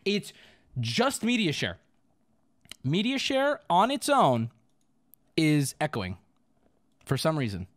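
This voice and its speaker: A man's voice: on the high side, wildly swooping pitch, slow pace, pauses often. A young man streaming live, flustered and swearing while he fixes his audio, breaking into laughter.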